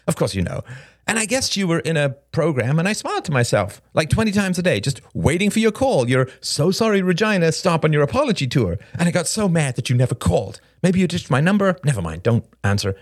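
Brief: restless, sharp-tongued young woman in an audiobook, lively swooping pitch, dry close sound, voiced by a male reader. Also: no room sound. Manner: rapid, restless, sardonic rambling. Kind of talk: audiobook character reading.

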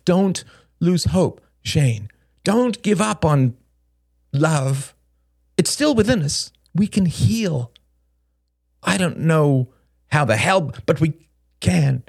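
Brief: restless, sharp-tongued young woman in an audiobook, lively swooping pitch, dry close sound, voiced by a male reader. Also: creaky, husky, no echo, full character voice. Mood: pleading. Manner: rapid, restless, sardonic rambling. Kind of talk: audiobook character reading.

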